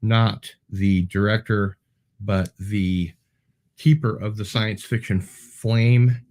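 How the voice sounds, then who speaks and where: A man's voice: lowish voice, fairly even intonation, takes it slowly, a little mellow. A man hosting a casual livestream, answering viewer comments in a rambling, digressive way with many ums and restarts and wry asides. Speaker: show host.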